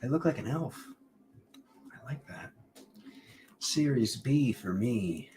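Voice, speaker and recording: A man's voice: mid-range voice, expressive, slow pace, noisy background. A man giving a casual, playful tarot reading, rambling between jokes and card meanings. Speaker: tarot reader.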